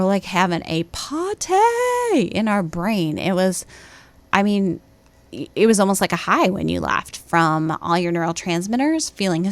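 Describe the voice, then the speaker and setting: Lower-voiced woman hosting a parenting podcast, chatty storyteller, acts out quotes. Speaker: podcast host; preschool teacher. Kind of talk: casual parenting podcast talk.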